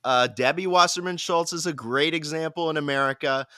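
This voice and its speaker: A man's voice: fairly high pitch, fairly quick, sharp tone, no echo, studio quality. A man in casual political chat, rambling and stammering over restarts.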